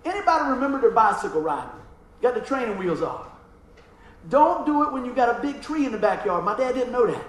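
Man, middle-aged preacher, high voice, sermon, animated storytelling, call-and-response, echoey room. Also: a little fast, distant mic. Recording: echoey room with faint ambient noise.

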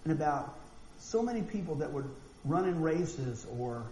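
A man preaching a sermon, animated and folksy, acting out quotes and often repeating words. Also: a little high, normal speed. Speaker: pastor. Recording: echoey room with faint noise.

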